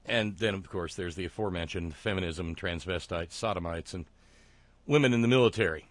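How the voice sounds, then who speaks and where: A man's voice: low-pitched, no room sound. Sardonic man hosting a monologue show. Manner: sardonic, wry, halting with fillers. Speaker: commentary show host.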